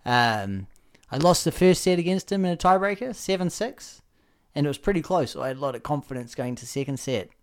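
A man's voice: fairly high pitch, lively intonation, a little fast. A man co-hosting a casual podcast, reacting with laughs and telling stories with frequent "um". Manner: reactive, laughs often, uses "um". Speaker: podcast co-host. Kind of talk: casual chat and storytelling.

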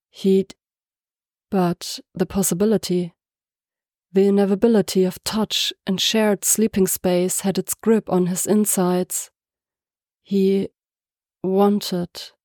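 A woman reading a story aloud as narrator, soft-spoken and even. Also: medium pitch, dry recording, clean studio sound. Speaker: podfic reader. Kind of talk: scripted narration.

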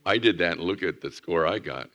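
A man preaching, a pastor telling a lively story to children in church and asking them questions. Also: deep voice, brisk. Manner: animated storyteller, asks the kids questions.

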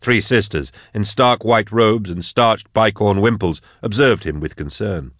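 A man narrating an audiobook in a measured, steady storytelling manner. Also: lowish voice, no echo, studio quality.

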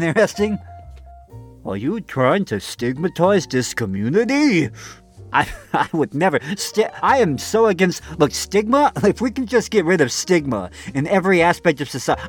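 A man hosting a comedic commentary, reading online posts aloud in a sarcastic voice that breaks into laughs and stumbling restarts. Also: fairly high pitch. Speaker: commentary host.

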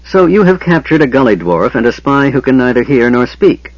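A man voicing a cruel, irritable male dragon highlord who speaks in a snarling, caustic way, in an audiobook reading. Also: very animated, a little fast, husky, no echo, full character voice. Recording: dull lo-fi audio.

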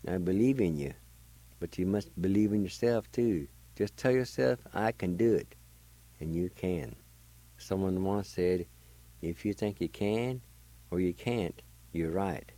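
A man's voice: deep voice, measured pace, warm tone, low-quality recording. A man teaching a language lesson on the radio, patiently spelling words letter by letter and sounding them out.

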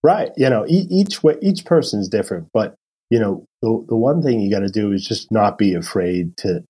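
A man's voice: sits low, darkish tone, husky. A man who advises coaches on their careers, talking casually and acting out quotes as he tells stories. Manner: storytelling, acts out quotes. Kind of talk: casual interview talk.

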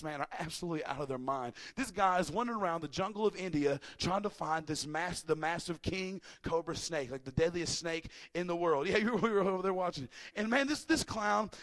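A man preaching a sermon as pastor, animated, swinging from loud shouts to quiet, casual asides. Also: high voice. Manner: casual, chatty asides with laughter.

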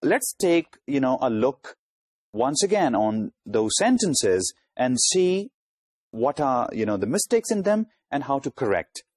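A middle-aged man with a Pakistani English accent gives a recorded grammar lecture, explaining step by step, repeating points and filling pauses with "you know". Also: mid-range voice, big pitch swings, a little mellow, dry recording, clean studio sound. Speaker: university lecturer.

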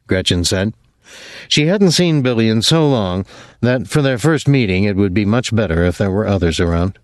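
A man narrating an audiobook in a measured, even way. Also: on the low side, no room sound, clean studio sound.

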